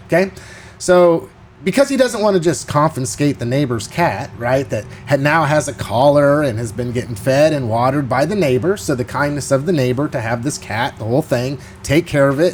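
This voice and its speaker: A man hosting a podcast, telling a story in a casual, animated and rambling way. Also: on the high side, a little hiss or hum. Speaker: podcast host.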